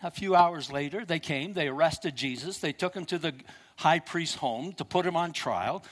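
An older man preaching a sermon, telling a story and swinging between loud and hushed delivery. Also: sits high, big-room sound.

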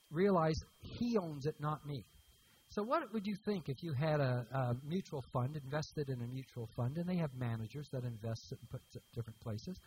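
A man's voice: a little high, a little mellow, slight background noise, low-quality recording. A man preaching a sermon as pastor, emphatic and repeating key words for stress.

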